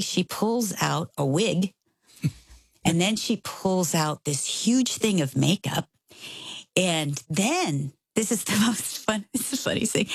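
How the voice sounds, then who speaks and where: A middle-aged woman telling a personal story in casual conversation, expressive and acting out the voices of the people in it. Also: on the low side, vocal fry, breathy edge, no room sound.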